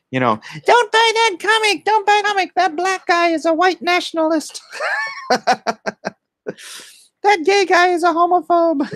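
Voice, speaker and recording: Gravelly guy streaming, reads chat out loud and answers casually, mutters to himself a lot, dry close sound. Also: mid-range voice, no room sound. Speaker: comic artist hosting a livestream.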